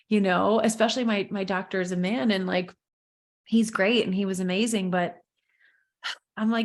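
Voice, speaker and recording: A woman, hosting her own podcast and talking openly and emotionally about her business and personal life. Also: normal speed. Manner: candid and emotional, lively pitch swings. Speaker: podcast host, business coach. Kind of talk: casual solo podcast talk.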